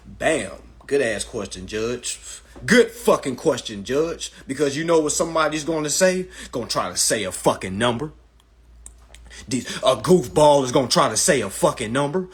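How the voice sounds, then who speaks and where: A man hosting a casual phone livestream, talking in a brash, profane, animated way and slipping into mocking voices. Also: mid-range voice, moderate pace. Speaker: livestream host giving legal advice.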